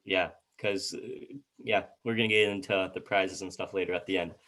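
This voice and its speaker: A man co-hosts a laid-back sports chat. He reads out records and numbers in a lowish voice and trips over unfamiliar player names along the way. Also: steady tone, moderate pace, fairly bright tone. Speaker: co-host.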